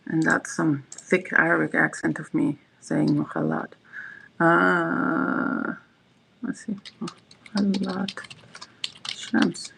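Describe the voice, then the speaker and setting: Livestream host, casual chat, rambling, fillers and restarts, creaky fry, mid pitch. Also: level tone, slow, sharp tone, low-quality recording. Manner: chatty, rambling, reads chat messages aloud.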